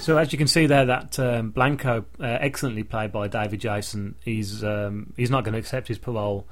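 A man's voice: lowish voice, steady tone, a little fast, a little hiss or hum. A man hosting a casual podcast, recapping a sitcom in a rambling way. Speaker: podcast host. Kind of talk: casual chat.

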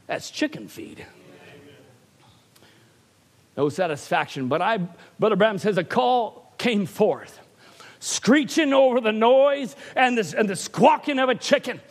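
Male preacher, high-pitched voice, animated sermon, calls for amen. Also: moderate pace. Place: church.

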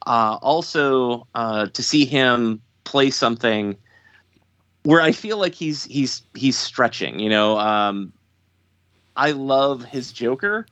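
A man hosting a podcast, talking thoughtfully in casual chat and pausing often on ums and uhs. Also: mid-range voice, fairly bright tone, dry recording. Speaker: podcast host. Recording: dry, dull lo-fi sound.

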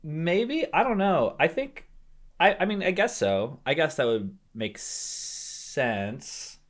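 A young man co-hosting a podcast chats casually about a film he rewatched, rambling with lots of fillers and restarts. He speaks slowly in a fairly high voice with lively intonation.

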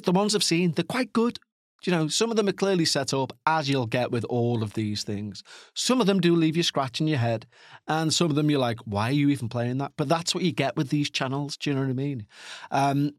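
A podcast host from Liverpool in Northern England rambles in a chatty, self-deprecating way, dropping playful asides. His voice sits fairly high, and the recording is dry and studio quality.

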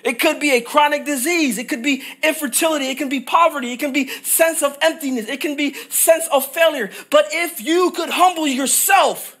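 A man preaching a sermon as pastor, with an emphatic, repetitive cadence that rises to shouted peaks on scripture. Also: very high voice.

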